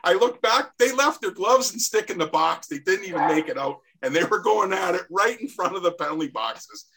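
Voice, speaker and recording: A man's voice: sits high, lively intonation, a little fast, sharp tone, breathy edge. A Canadian man in his sixties, a former hockey player, telling rambling anecdotes as a podcast guest and acting out the voices in them. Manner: rambling anecdotes with laughs, acts out quoted voices. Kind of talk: casual storytelling.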